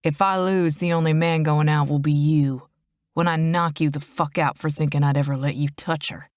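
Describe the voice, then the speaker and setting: A woman voicing a dominant, possessive young biker boyfriend who talks in a quick growl. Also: sits low, steady tone, dry recording, studio quality, close to an everyday voice. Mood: growly.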